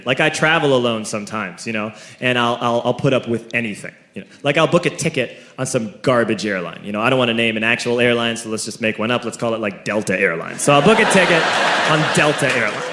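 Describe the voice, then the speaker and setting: A man performing a stand-up comedy set on stage, animated and acting out characters. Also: quick pace. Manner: animated, acts out characters in a high put-on voice. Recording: live stage recording in a reverberant hall with audience noise.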